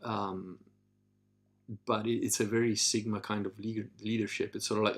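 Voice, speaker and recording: A man hosting a livestream, chatting casually and bluntly, swearing freely and mimicking other people in high, mocking voices. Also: steady tone, moderate pace. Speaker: livestream host; martial arts trainer.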